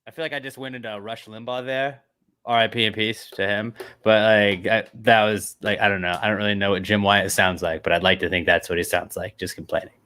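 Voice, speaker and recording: A man's voice: on the low side, flat delivery, fairly quick, sharp tone, clean tone. A man co-hosting a football podcast over a video call, joking and bantering playfully. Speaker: podcast co-host. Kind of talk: casual football chat.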